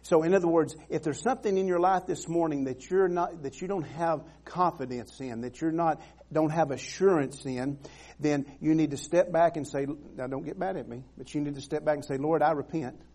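A man's voice: on the high side, brisk, darkish tone. A man preaching a sermon in an earnest, emphatic way, repeating phrases and restarting sentences.

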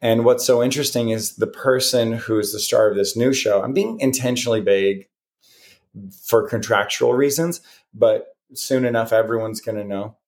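Here, a podcast co-host with a medium-pitched male voice keeps a moderate pace. Chatting casually, he spins a lively tale and voices the words of the people in it.

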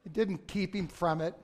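High-voiced male pastor preaching. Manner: conversational, with sudden loud outbursts. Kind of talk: sermon.

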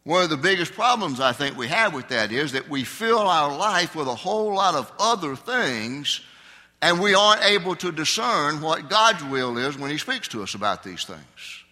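Older guy preaching a sermon, really bright voice, lots of hall echo. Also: on the high side, sing-song, moderate pace. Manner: conversational preaching, asks the congregation questions. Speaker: pastor. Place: church sanctuary. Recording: long hall reverb.

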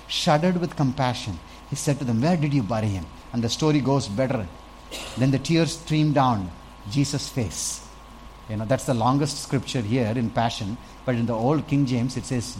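Animated man preaching a sermon. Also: a little high, a little hiss or hum, low-quality recording. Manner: animated, swings from quiet to loud, acts out little scenes. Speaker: pastor.

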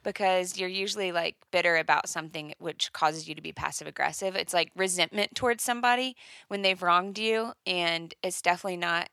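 A woman's voice: lowish voice, a little fast, sharp tone, clean tone, dry recording. A young woman co-hosting a podcast, casual, teasing and thoughtful. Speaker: podcast co-host. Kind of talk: casual chat.

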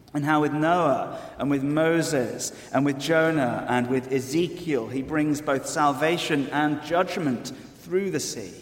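A man preaching a sermon, earnest and explanatory with wry asides. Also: a little high. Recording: echoey hall with long reverb.

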